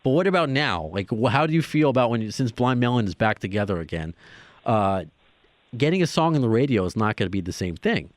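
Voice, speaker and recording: A man hosting a podcast, from New York, whose pitch moves around a lot as he talks. He stumbles and restarts his questions, and the studio sound is dry and close. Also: no room sound. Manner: halting, restarts often, lively. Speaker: podcast host. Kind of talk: casual interview chat.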